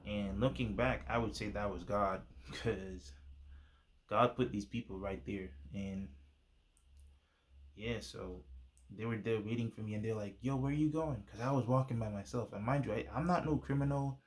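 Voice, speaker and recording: A man's voice: on the low side, fairly even intonation, moderate pace. A young man casually telling a personal testimony, using laid-back slang and plenty of fillers. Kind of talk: casual storytelling.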